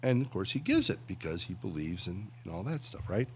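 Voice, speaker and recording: Animated joke-telling radio man. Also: sits low, fairly quick, a little hiss or hum. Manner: animated, tells jokes with acted voices. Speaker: radio host and voiceover talent, guest. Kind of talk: casual chat and joke-telling.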